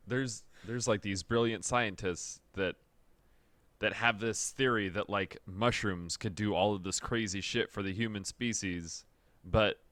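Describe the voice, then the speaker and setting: A man's voice: on the low side, fairly bright tone, no room sound. A man co-hosting a casual podcast chat, laid-back and laughing along. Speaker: podcast co-host.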